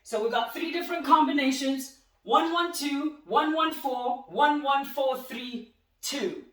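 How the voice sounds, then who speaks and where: A woman boxing instructor with a high voice calls out punches and cheers on her class, a little out of breath from the work. She sounds set back from the mic, in an echoey room. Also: a little slow, fairly bright tone, far from the mic. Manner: calls out punch combinations, encouraging. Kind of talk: live workout class coaching.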